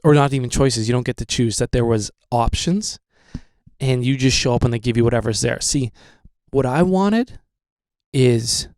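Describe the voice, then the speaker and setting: A man's voice: medium pitch, darkish tone, no room sound. A young man hosting a podcast, rambling casually with lots of fillers and swearing. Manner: rambling, profane, with many fillers. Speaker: podcast host.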